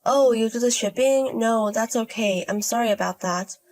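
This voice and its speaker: For a storybook, a woman takes on the role of a gambling young woman who's unbothered, talking at normal speed in a natural voice with a low-key deadpan.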